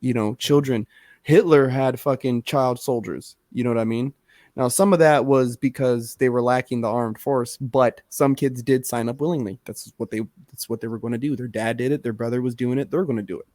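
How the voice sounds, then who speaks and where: A man's voice: mid-range voice, steady tone, brisk, darkish tone, dry recording, clean studio sound. A man co-hosting a podcast, talking in a rambling casual way with lots of fillers and swearing. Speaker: podcast co-host.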